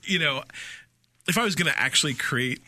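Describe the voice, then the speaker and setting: A man's voice: fairly high pitch, lively intonation, a little fast, bright, forceful tone, no room sound. A man co-hosting a podcast in a casual chat, rambling along and laughing easily. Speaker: podcast co-host.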